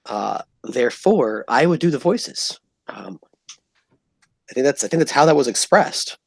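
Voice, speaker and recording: A man's voice: mid-range voice, expressive, a little slow, gravelly, dry recording. A man hosting a casual streamed podcast, teasing his co-hosts with crude jokes in a playful manner.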